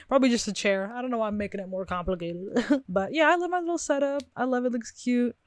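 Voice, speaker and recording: A woman's voice: a little high, fast talker, no room sound. A young woman vlogging from her bedroom in a chatty, rambling, self-reflective way, laughing often. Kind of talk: casual chat to camera.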